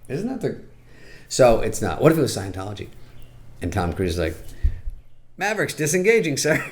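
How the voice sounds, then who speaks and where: A middle-aged man talks through a movie in a dry, sarcastic, offhand way. His voice sits low and deep. He keeps breaking into quick, squeaky impressions before dropping back to his flat delivery. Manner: deadpan, sarcastic, jumps into squeaky put-on voices. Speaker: comedian reviewing a movie. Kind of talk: casual comic monologue.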